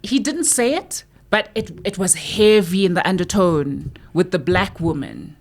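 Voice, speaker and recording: A woman's voice: fairly low pitch, measured pace. A woman co-hosting a podcast, chatting casually and acting out quotes as she tells stories. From South Africa. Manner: animated storyteller, acts out quotes. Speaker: podcast co-host. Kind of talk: casual chat.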